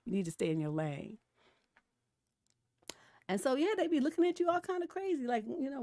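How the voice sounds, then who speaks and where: A middle-aged woman hosts a casual relationship-advice livestream in a fairly high voice. She talks bluntly and with plenty of profanity, shifting between laid-back chat and heated outbursts. The sound is close and dry. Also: big pitch swings, fairly quick, long pauses, warm tone, no echo. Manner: laughs between points. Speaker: relationship coach hosting a livestream.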